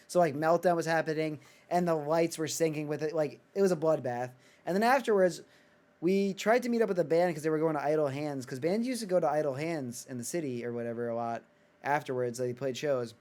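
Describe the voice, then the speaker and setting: A young man from the United States hosting a podcast in casual chat, excitable, swearing, with lots of filler words. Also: a little high. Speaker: podcast host.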